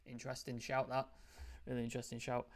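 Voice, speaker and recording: A man's voice: medium pitch, completely flat delivery, fast. A man hosting a casual football review chat, loose and chatty, full of fillers. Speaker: host.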